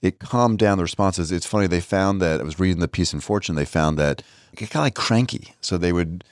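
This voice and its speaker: A man with a very low voice co-hosts a relaxed podcast. He is chatty and jokey and explains stories in long runs. The sound is close and dry, with no room echo. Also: a little fast. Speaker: podcast co-host. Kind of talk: casual podcast chat. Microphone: studio microphone, on camera.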